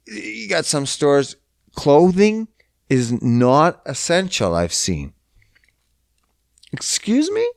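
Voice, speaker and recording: A man's voice: on the high side, expressive, slow, vocal fry, no room sound, studio quality. A young man from Canada hosting a podcast, ranting in a profane, exasperated and mocking way. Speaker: podcast host. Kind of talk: casual solo rant.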